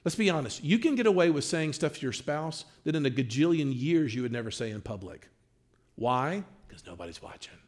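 A pastor teaching a marriage class and taking questions, animated, acting out little bits of dialogue. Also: male voice, on the high side, a little fast. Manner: animated, acts out quoted dialogue.

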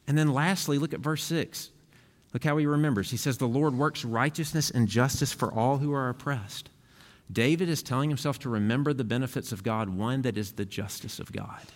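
A male pastor delivering a sermon in an earnest, conversational way, restarting phrases as he goes. His voice sits at an ordinary middle pitch. It rings with a long reverb from the church hall. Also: fairly quick.

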